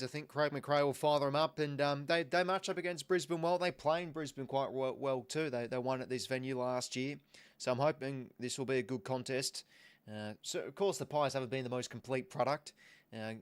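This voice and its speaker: An Australian man in his younger years hosts a live football watch-along stream. His talk is relaxed and chatty, full of small restarts as he thanks viewers. His voice sits at an ordinary middle pitch. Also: clean tone. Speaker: livestream host.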